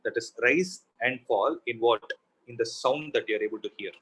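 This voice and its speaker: A man's voice: mid-range voice, normal speed, fairly bright tone, slightly rough, rough recording. A man teaching a physics class, explaining step by step and asking himself questions as he goes. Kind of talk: classroom lecture.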